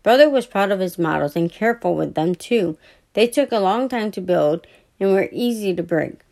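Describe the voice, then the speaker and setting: A woman podcast host reading a children's story aloud, softly and with small stumbles she corrects. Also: mid-range voice, lively intonation, normal speed, creaky.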